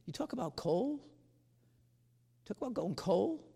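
A man's voice: high voice, sing-song, measured pace, creaky, dark tone, breathy edge. Guy preaching, storytelling with some laughs, echoey hall sound. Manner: storytelling, mixing humor and earnest appeal. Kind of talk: sermon with personal story.

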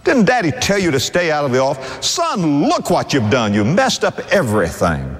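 A man's voice: on the high side, wildly swooping pitch, normal speed. A male preacher voicing a busy father who is exasperatedly scolding his little son in a sermon story. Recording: long hall reverb.

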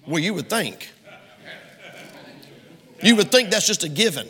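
A man's voice: sits high, animated, unhurried, sharp tone. A male pastor preaching a sermon from the pulpit with an emphatic, repeating cadence. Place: church sanctuary. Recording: long hall reverb in a church.

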